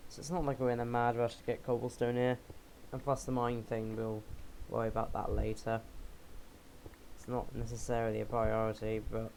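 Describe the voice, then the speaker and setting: A man's voice: mid-range voice, level tone, moderate pace, creaky, darkish tone, slight background noise, poor audio. A young man giving rambling, jokey commentary while playing a game, often poking fun at himself. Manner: rambling, jokey, self-mocking asides. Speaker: game let's player. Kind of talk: casual gameplay commentary.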